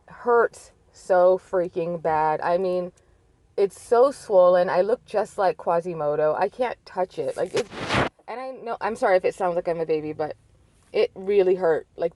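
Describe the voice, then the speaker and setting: A woman's voice: fairly low pitch, measured pace, mellow, no room sound. A woman in her thirties telling a personal story in a candid, rambling way, full of filler likes. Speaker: vlogger.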